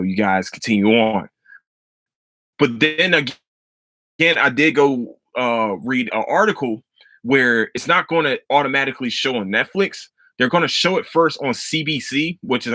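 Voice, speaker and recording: Excitable, swearing man with bright tone. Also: mid-range voice, no room sound. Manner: loose, profane, excitable storytelling. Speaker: podcast host. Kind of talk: casual solo podcast chat.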